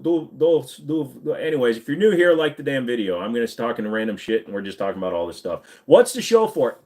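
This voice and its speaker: A man's voice: medium pitch, a little mellow. A man hosting a casual live stream, rambling through crude, jokey banter with his chat.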